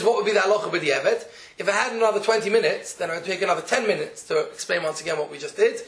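High-voiced man teaching in an echoey room. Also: a bit bright. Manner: methodical, repeats steps to explain. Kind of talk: religious law class lecture.

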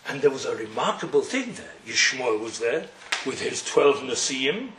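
A man's voice: mid-range voice, moderate pace. A man giving a storytelling Torah lecture, acting out the characters' dialogue with humorous asides. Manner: animated, acts out dialogue in voices, humorous asides. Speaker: Torah teacher. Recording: echoey room with faint noise.

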